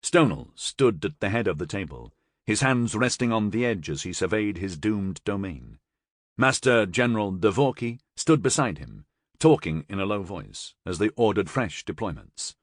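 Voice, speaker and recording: Low-voiced guy reading an audiobook, lively ups and downs, dry close mic. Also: moderate pace, no room sound. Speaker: audiobook narrator. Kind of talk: scripted narration.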